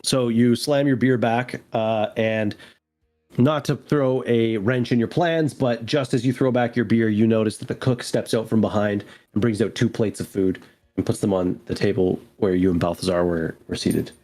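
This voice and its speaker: Low-pitched man game master, relaxed narration with filler words, faint music behind. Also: normal speed. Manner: loose, descriptive, many fillers.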